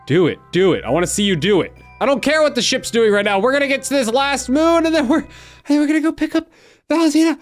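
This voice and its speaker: Excitable young man narrating gameplay. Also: very high-pitched, fast talker, faint music behind. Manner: excitable, self-talking, stammering restarts. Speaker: gaming YouTuber. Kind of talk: let's-play commentary.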